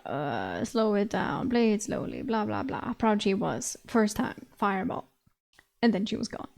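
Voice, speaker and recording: A woman's voice: mid-range voice, very animated, unhurried, vocal fry, a little mellow. A woman streamer reading a fantasy novel aloud, laughing often and breaking off with casual asides. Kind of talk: audiobook reading with reaction commentary.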